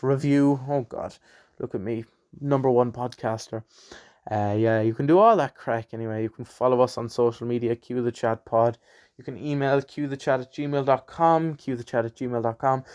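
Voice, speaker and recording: A man's voice: medium pitch, darkish tone. A young Irish man hosting his own podcast, rambling and chatty with a self-deprecating streak. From Ireland. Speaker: podcast host. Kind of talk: casual solo podcast chat.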